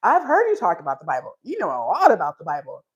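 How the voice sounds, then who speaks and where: A woman's voice: a little high, huge pitch swings, quick pace, creaky, highs cut off, full character voice. A woman voicing an encouraging male pastor who speaks with upbeat, matter-of-fact confidence.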